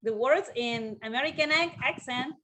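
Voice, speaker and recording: Woman, from Mexico, Spanish native, somewhat high voice, chatty interview host. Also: normal speed, rough recording. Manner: chatty, lively questions, laughs. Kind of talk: casual video-call interview.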